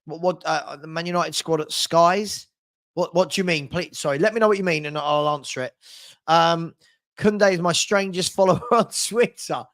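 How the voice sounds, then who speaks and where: A man's voice: on the high side, moderate pace, a bit bright. Chatty man hosting a live stream. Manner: rambling, chatty, frequent restarts and repeated words. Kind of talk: casual live-stream chat reading viewer comments.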